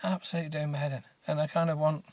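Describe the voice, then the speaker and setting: A British man hosting a comedy podcast, grumbling and rambling as he reads a book aloud with deadpan, self-mocking remarks. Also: fairly high pitch, rapid-fire, dry recording. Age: adult with children. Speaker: podcast host.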